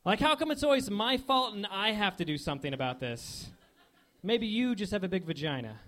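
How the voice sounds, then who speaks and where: Young male stand-up, high lively voice, deadpan one-liners, club stage. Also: a little fast. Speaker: stand-up comedian. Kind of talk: stand-up set.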